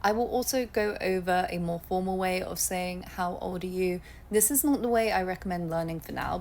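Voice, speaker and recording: A woman's voice: mid-range voice, darkish tone. Woman doing an online language lesson, mid voice, casual, chatty. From England. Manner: chatty and upbeat, laughs at her own slips. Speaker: Japanese language teacher.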